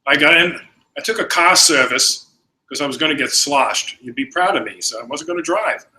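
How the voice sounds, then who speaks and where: A brash young college guy, blunt and indignant, streetwise in how he talks, as a man quotes him in a story. The voice rings bright and slightly raised above an everyday pitch, with plain speech and no polish. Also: moderate pace, rough recording. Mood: boastful.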